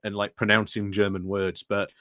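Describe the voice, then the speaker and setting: A man's voice: on the low side, level tone, moderate pace, fairly bright tone, no echo, studio quality. A man with a Yorkshire accent, a guest on a chat show, talking hesitantly with stammers and giggles.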